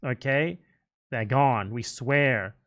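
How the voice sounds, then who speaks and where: A man's voice: medium pitch, takes it slowly, fairly bright tone, muffled recording. A man mocking a wheedling left-wing coalition. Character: pleading left-wing coalition, male voice, satirized.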